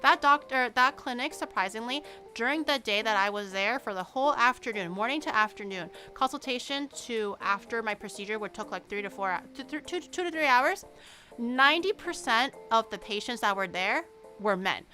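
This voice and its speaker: A woman streamer chatting casually and telling stories in an animated way, laughing often. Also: a little high, moderate pace, soft background music. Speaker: VTuber streamer.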